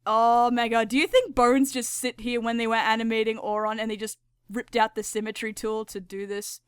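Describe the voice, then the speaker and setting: A woman rambles through casual commentary while she draws, swearing freely and breaking into giggles. Her voice sits a little high and comes across smooth and clear. The recording is dry and close, with no room sound. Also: little pitch movement, normal speed, dry recording. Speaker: channel host.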